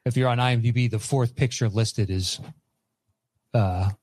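A man's voice: mid-range voice, fairly even intonation, moderate pace, darkish tone, no echo. Man casually recapping movies, dry sound. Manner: rambling, recaps plots with filler words. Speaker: podcast co-host.

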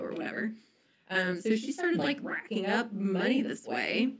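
A woman's voice: fairly low pitch, animated, normal speed, rough recording. A young woman telling a history story on a casual podcast, chatty and full of ums and likes.

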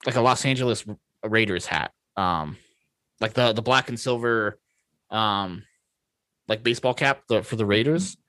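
A man's voice: on the low side, normal speed, pushed and bright, no echo. A man co-hosting a podcast, retelling movie scenes in casual chat with fillers and laughter. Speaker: podcast co-host.

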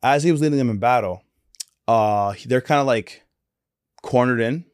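A man's voice: mid-range voice, normal speed, clear, resonant tone, dry recording, studio quality. A young man co-hosting a casual faith podcast, telling stories in a laid-back way with lots of slang and fillers. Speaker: podcast co-host.

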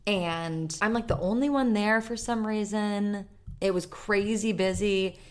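A young woman co-hosting a podcast, telling a story in casual chat, animated, swearing freely and laughing often. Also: medium pitch, measured pace. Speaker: podcast co-host.

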